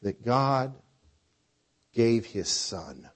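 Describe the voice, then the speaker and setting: A man preaching a sermon with a conversational style, dropping to quiet lines and rising to loud, drawn-out phrases. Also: mid-range voice, animated. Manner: preacher with a dynamic delivery, swinging between soft and loud. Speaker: pastor.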